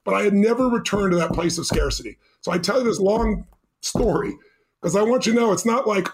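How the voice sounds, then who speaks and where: A man telling a story as a podcast guest, animated and emphatic, acting out the quotes. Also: sits high, brisk.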